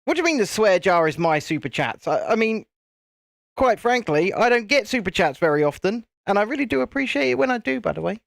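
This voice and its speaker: A man's voice: high voice, big pitch swings, a little fast, vocal fry, fairly bright tone, no room sound. A man hosting a casual live stream, chatting and laughing while he builds, with mild swearing and frequent restarts. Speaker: host.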